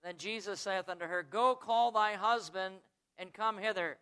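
A man preaching a sermon, swinging from quiet asides to loud, high, drawn-out emphasis, who says he is from the United States. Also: clear, resonant tone.

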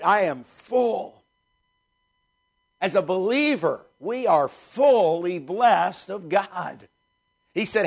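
A man preaching a sermon as pastor, emphatic and repeating key phrases, slowing down to stress scripture. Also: high-pitched, gravelly.

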